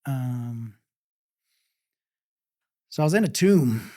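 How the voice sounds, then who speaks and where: A middle-aged man from Texas recounts a story as an interview guest. He speaks very slowly, stopping often and leaning on fillers. His voice sits at an ordinary pitch and is recorded close and dry. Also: lively intonation, dark tone, no room sound. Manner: halting, with many pauses and fillers. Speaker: pit master guest.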